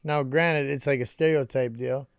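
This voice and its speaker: Midwestern guy co-host, easygoing and profane, smooth clear voice, dry sound. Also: mid-range voice, fairly even intonation, normal speed, dry recording. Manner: laid-back, heavy swearing, slangy. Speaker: podcast co-host. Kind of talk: casual chat.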